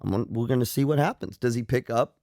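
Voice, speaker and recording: A man's voice: mid-range voice, fast talker, creaky, darkish tone, no echo, clean studio sound. A middle-aged man from Southern California, a psychologist co-hosting a radio show, explaining things in casual chat. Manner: explaining, eager to correct.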